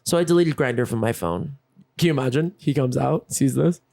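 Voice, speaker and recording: A man's voice: medium pitch, a little fast, creaky, a little mellow. A man hosting a podcast, telling a comic story and acting out both sides of each conversation. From Los Angeles. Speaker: podcast host. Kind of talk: comedic storytelling monologue.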